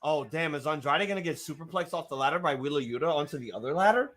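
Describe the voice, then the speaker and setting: Excitable man yelling live wrestling reactions. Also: a little high, fast, hardly any pauses. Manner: excitable, loud outbursts and profanity. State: voice getting strained. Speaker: host of a live wrestling watch-along.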